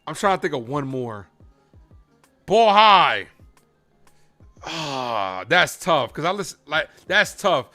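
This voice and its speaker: A man hosting a live baseball stream, chatting casually with viewers while calling the pitches in an animated way. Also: takes it slowly, pauses often, soft background music. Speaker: live play-by-play streamer and host.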